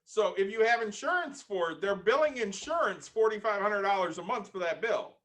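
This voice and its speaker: Podcast co-host: a man with a somewhat high voice, calm and dry in argument. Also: fairly quick. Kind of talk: casual chat.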